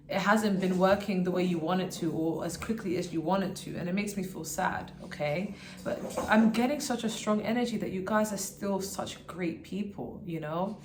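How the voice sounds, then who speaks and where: A woman's voice: mid-range voice, echoey room. A woman giving a pick-a-card tarot reading to her viewers. She talks in a rambling, earnest way and keeps checking in with "okay?". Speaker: tarot reader.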